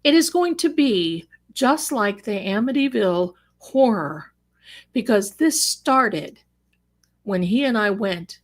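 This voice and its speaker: A middle-aged woman hosts a live show and tells a story from her own life. She is animated and dramatic, drops wry asides, and her voice sits at an ordinary middle pitch. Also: slow pace. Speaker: psychic show host.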